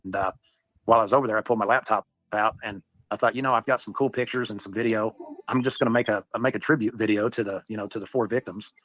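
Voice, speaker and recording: A man with a low voice rattles off a story quickly, with many fillers. The sound is dry and close. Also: fairly even intonation, fairly bright tone, dry recording, low-quality recording. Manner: rambling, full of fillers. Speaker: interviewee in a clip. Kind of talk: casual storytelling.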